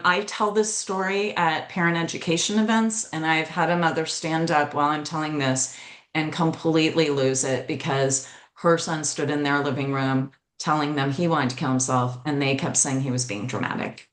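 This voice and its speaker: A woman's voice: low-pitched, fairly even intonation, normal speed, fairly bright tone. A middle-aged woman being interviewed, talking earnestly as a mental health educator and telling personal stories, speeding up on key points. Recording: roomy echo.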